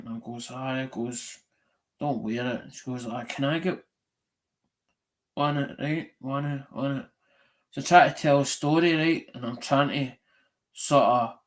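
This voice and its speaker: Middle-aged scottish guy rambling thru a story on his stream, swears a lot, keeps going "right?", normal pitch. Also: darkish tone. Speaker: live-stream show host. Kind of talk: casual chat.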